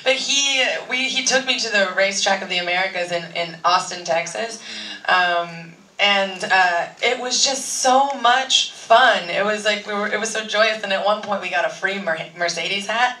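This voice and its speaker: A woman, an actress on a convention panel, telling rambling, lively anecdotes and laughing often. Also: medium pitch, a little hiss or hum. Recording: echoey hall, far-off mic.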